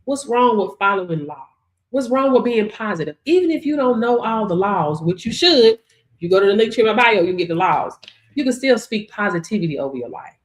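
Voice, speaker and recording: A woman's voice: medium pitch, big pitch swings, fairly quick. A woman hosting a motivational livestream, talking to viewers in a preachy way and laughing often. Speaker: livestream host.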